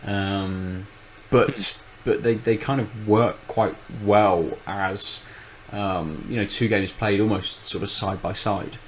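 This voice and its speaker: Rambling man, low voice. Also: fairly even intonation, slow, hardly any pauses, slight background noise, rough recording. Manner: rambling, thinks aloud with many restarts. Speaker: podcast co-host. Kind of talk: casual chat.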